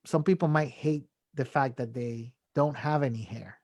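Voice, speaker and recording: In a casual conversational podcast chat, a man with a mid-range, darkish voice speaks at a moderate pace with no echo. He's a guest giving sincere self-help tips, frequently tacking on "right?" or "you know" and laughing softly between ideas.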